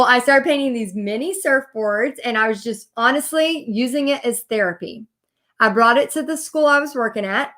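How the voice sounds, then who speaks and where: A woman's voice: a little high, a bit bright. A woman, a business coach telling her story in a chatty live video with lots of fillers. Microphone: computer or phone mic on a live video.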